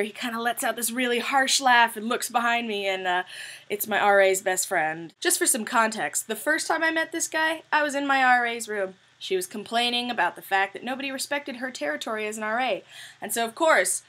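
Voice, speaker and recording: A young woman in college telling funny stories to her camera in a casual, animated way, swearing freely and joking. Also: on the high side, a little fast. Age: young adult. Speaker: vlogger.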